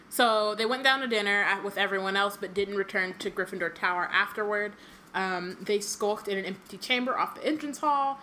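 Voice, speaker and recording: A woman's voice: medium pitch, pushed and bright, slight background noise, rough recording. A woman reading a book aloud with frequent filler ums and joking asides, in a casual chat. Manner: reads passages with many filler ums and asides. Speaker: podcast co-host reading aloud.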